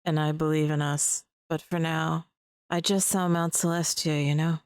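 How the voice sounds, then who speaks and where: Low-voiced woman player at the table. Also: level tone, moderate pace, dry recording, studio quality. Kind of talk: tabletop role-play.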